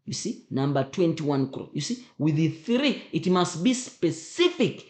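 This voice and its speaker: A man's voice: fairly high pitch, sing-song, moderate pace, few pauses. A man, a teacher talking students through an exam memo, emphatic, repeating his points and firing rhetorical questions at them. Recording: roomy echo.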